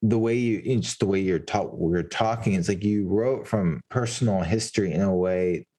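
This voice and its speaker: A man's voice: low-pitched, normal speed, mellow, slightly rough. A man hosting an interview, reflective and affirming, talking in long rambling turns. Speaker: podcast host. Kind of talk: podcast interview.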